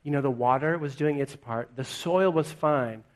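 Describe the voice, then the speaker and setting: A man's voice: mid-range voice, normal speed. A male pastor preaching a sermon to his congregation in a conversational way, peppering it with rhetorical questions. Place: church in front of a congregation.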